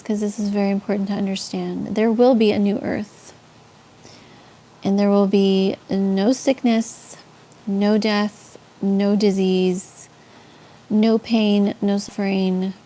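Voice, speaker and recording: A woman's voice: medium pitch, fairly even intonation, takes it slowly, long pauses, warm tone. A woman from Texas with a Tex-Mex accent hosting a live stream, chatting with viewers and telling faith stories, with lots of ums and restarts. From San Antonio, Texas. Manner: chatty, answers chat comments, frequent ums and restarts.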